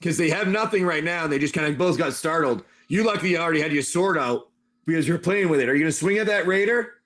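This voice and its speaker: Male host and game master, high voice, lively excitable narration. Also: fast. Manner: animated, excitable storytelling. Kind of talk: casual chat and tabletop game narration.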